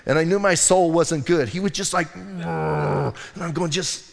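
Conversational preaching man, higher voice. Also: fairly quick, big-room sound. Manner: conversational storytelling preaching with asides and restarts. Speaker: pastor. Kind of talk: sermon. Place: church sanctuary.

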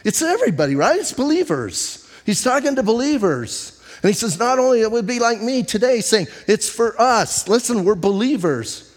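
Pastor preaching in a reverberant hall. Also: male voice, extremely high pitch, big pitch swings. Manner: conversational preaching with storytelling and rhetorical questions; emphatic, slows down on key phrases. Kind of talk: sermon. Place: church sanctuary.

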